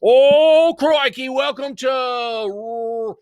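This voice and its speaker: A man putting on an excitable male wildlife documentary host, exclaiming like a showman. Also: very high-pitched, very slow, no echo, raised voice, pitched above the performer's own voice, full character voice. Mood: excited.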